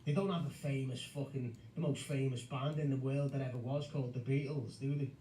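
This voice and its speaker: A man's voice: medium pitch, steady tone, a little fast, warm tone, reverberant, a little hiss or hum, low-quality recording. A man with a Scouse accent in a heated casual voice chat, mocking and sweary, tagging lines with "lad" and "mate". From Liverpool, England. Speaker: voice chat participant.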